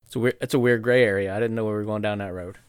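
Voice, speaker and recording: A man co-hosting a casual chat, animated and laughing often. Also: on the low side, racing, smooth, dry recording, clean studio sound.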